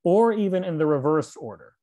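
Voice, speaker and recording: A man's voice: on the high side, lively intonation, mellow. Man reading scripture aloud with explanations. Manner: measured reading with asides and occasional fillers. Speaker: reader and teacher of scripture.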